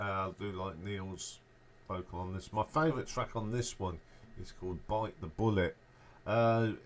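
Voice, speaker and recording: A man with a fairly low voice talks through albums track by track in a relaxed, offhand way. His remarks tend to trail off softly at the end. A faint hiss of noise sits under the recording. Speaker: music reviewer, show host. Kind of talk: casual spoken album ranking.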